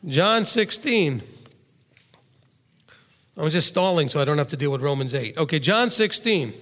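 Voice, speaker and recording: A man preaching as a rabbi who gets loud to stress his points. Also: a little high, lively intonation, a little slow, long reverb tail. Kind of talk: sermon.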